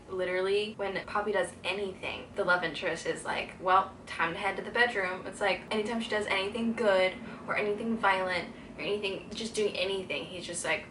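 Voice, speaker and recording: A woman's voice: medium pitch, bright, forceful tone, reverberant, slight background noise, poor audio. A young woman chatting casually to camera in a reading vlog, giggly and full of "like" fillers. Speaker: reading vlogger. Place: indoors during a stay abroad.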